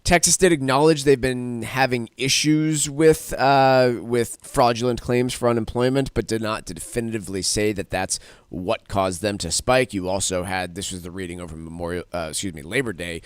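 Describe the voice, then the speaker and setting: A man's voice: on the low side, steady tone, normal speed, hardly any pauses, clear, resonant tone, dry recording. A man co-hosting a financial radio show, chatting about economic data with joking asides. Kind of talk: casual market news chat.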